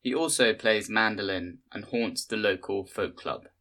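A man with a lowish voice and a bright, forceful tone reads a literary short story. His delivery is measured and careful, in a polished scripted storytelling style. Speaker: podcast reader.

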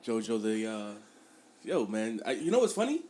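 A man's voice: on the low side, big pitch swings, moderate pace, warm tone, a little hiss or hum. A man co-hosting a podcast, telling laid-back stories in casual slangy chat with frequent laughs. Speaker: podcast co-host.

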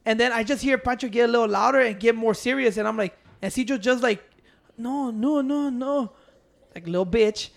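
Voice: medium pitch, fast, creaky, hardly any pauses. A speaker telling a rambling story in casual chat, swearing and acting out what others said.

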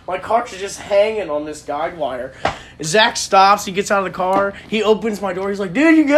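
A man's voice: high-pitched, normal speed, fairly bright tone. A young man, a podcast co-host, telling a casual profane story with frequent laughter.

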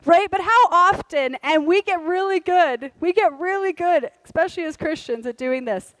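A middle-aged woman preaching a sermon from a church stage, candid and humorous, with quieter earnest stretches. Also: extremely high pitch, normal speed, no echo, rough recording. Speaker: pastor.

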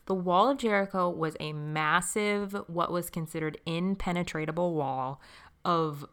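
Young adult woman, slightly low-pitched, casual chatty devotional podcast host, laughs often. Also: a little slow, smooth. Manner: warm, chatty, laughs often, says friend.

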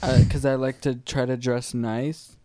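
Young guy on a podcast, mellow dark voice, dry room, teasing his buddy. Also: mid-range voice, flat delivery, no echo. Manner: teasing, quick to laugh and poke fun. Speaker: podcast co-host. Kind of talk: casual chat.

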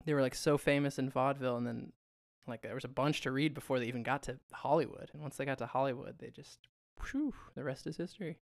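A man co-hosting a film podcast, talking loosely and laughing as he goes. His voice has a gravelly, fry-edged texture. The sound is close and dry, with no room around it. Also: mid-range voice, fairly even intonation, quick pace, dry recording. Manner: chatty, laughs often, trails off with fillers. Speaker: podcast co-host. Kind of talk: casual chat.

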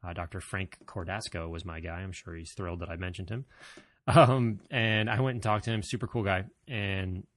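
A male vlogger rambles casually through a personal story for his viewers, full of fillers, self-corrections and self-deprecating jokes. His voice is low and a bit bright with a steady tone and moderate pace, and there's no room sound.

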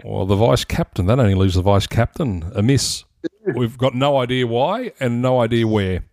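A man's voice: medium pitch, moderate pace, darkish tone, no room sound, clean studio sound. Wry Australian man hosting a podcast. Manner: wry, laughing, steering the chat. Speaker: podcast host. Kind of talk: casual sports podcast banter.

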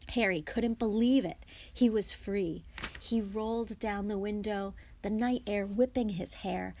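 Lady reading a kids' book out loud, mid pitch, whispers and shouts for the characters. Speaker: guest reader. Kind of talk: reading a children's novel aloud.

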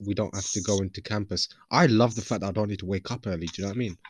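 A man's voice: lowish voice, very fast, slight background noise. A young man, hosting a casual podcast chat with playful, teasing banter. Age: young adult. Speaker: podcast host.

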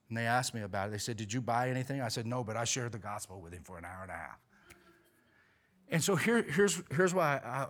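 A man preaching a sermon, telling a story in an animated way, his voice rising when he quotes himself and dropping low and quiet on the serious points. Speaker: pastor.

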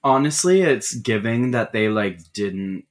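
A man's voice: lowish voice, lively intonation, a little slow. A young man co-hosting a podcast, chatting bluntly about a movie and swearing freely. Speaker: podcast co-host. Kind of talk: casual movie chat.

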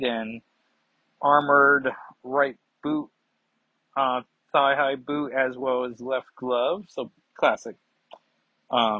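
Pushed, bright and slightly rough, a medium-pitched male voice rambles through a comic book review, poking fun at himself along the way. The casual vlog is recorded dry, with a dull lo-fi quality.

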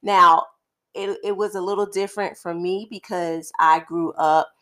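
Woman co-host, low voice, thoughtful and measured, casual chat delivery. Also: steady tone, pushed and bright. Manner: thoughtful, measured, with many "um" pauses. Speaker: podcast co-host.

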